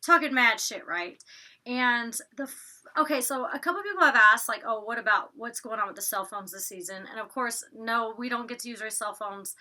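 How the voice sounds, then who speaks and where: Chatty Southern woman, bright voice. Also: on the high side. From Georgia, US. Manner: chatty, fast, peppered with "like". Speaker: reality TV recapper. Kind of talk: casual episode recap.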